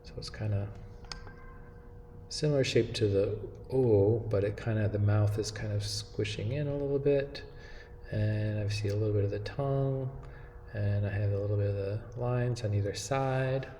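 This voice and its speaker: A man teaching an animation software lesson, walking through each step in a relaxed way and often checking in with "okay?". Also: fairly low pitch, moderate pace, echoey room, long reverb tail, slight background noise. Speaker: animation instructor. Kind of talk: screen-recorded software tutorial.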